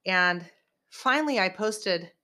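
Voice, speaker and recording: A woman's voice: medium pitch, animated, takes it slowly, sharp tone. A woman hosting a podcast in casual chat, rambling and emphatic as she vents. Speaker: podcast host.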